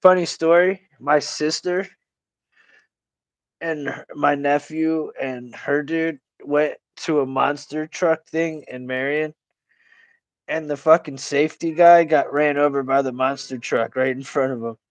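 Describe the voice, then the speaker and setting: A man's voice: fairly high pitch, fairly even intonation, a little slow, dry recording. A man hosting a casual chat, laid-back, swearing freely and laughing often. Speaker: host.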